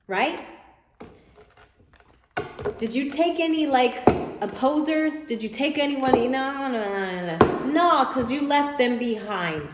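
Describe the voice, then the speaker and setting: A woman giving a casual spoken tarot reading, animated and repetitive, often voicing her listener's imagined thoughts. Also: high voice, slow pace, pauses often. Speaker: tarot reader. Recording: echoey room, faint noise.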